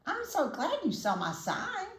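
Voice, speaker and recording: An older woman voicing a chirpy, eager little female yellow bird who wants to be a teacher, in high, excited, sing-song tones. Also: unhurried, heavily acted. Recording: roomy echo.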